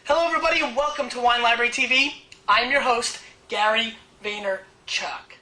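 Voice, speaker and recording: A man hosting a casual wine tasting video, talking in a brash, blunt and excitable way. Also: extremely high pitch, moderate pace, rough recording. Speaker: host.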